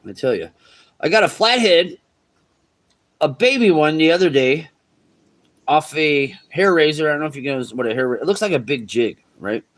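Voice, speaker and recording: Laid-back cursing fishing streamer. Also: male voice, fairly high pitch, animated, normal speed, long pauses, fairly bright tone. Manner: laid-back, swears freely, talks to chat. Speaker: fishing livestream host. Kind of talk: casual livestream chat. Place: outdoors on a riverbank.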